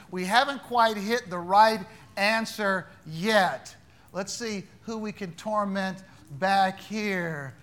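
A man with a high, ringing voice leads a Bible class, firing questions at the room. His tone is bright and forceful, and he teases wrong answers with playful mock-gravity. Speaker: Bible study teacher.

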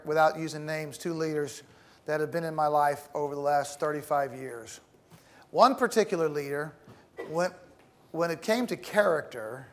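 Man giving a measured classroom lecture. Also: a little high. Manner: measured, deliberate, with pauses and some repeated words. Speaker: teacher.

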